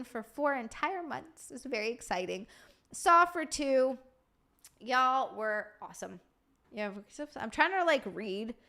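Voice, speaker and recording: A woman hosting a livestream, rambling warmly through thank-yous, tired from lack of sleep. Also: sits high. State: sleep-deprived. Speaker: livestream host. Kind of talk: casual stream sign-off chat.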